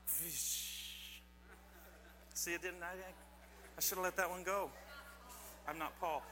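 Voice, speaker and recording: A man's voice: high voice, little pitch movement, normal speed, sharp tone, faint music behind. A man giving a children's sermon in a church, telling corny jokes and quizzing his audience in a playful, teasing way. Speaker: pastor giving a children's message. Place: church sanctuary. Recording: long church hall reverb, faint mains hum.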